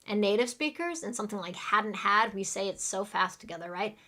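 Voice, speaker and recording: A woman's voice: mid-range voice, animated, a little fast, pushed and bright. A woman English teacher giving a live online lesson, explaining words in plain terms and leading repeat-after-me drills.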